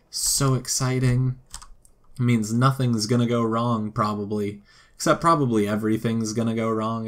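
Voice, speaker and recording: A young man commentating a life-sim game, playful and sarcastic, talking to the characters on screen. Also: medium pitch. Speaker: gameplay commentator. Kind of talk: let's play commentary.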